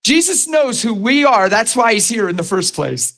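A middle-aged man, preaching a sermon in a conversational, animated way, with asides to the congregation. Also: very high voice, normal speed. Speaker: pastor.

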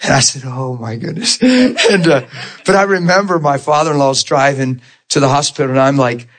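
An animated man giving a testimony sermon at a middle pitch, telling his story with frequent laughter. He talks to his listeners directly, asks whether they are following him, and acts out the voices of people in his story. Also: normal speed. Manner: conversational, rhetorical asides to listeners.

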